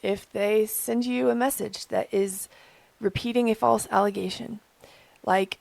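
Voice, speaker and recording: A young adult woman hosting an advice channel, talking calmly and earnestly from her own experience. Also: medium pitch, measured pace, creaky, no echo. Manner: gentle, earnest, speaking from personal experience. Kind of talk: calm advice talk to camera.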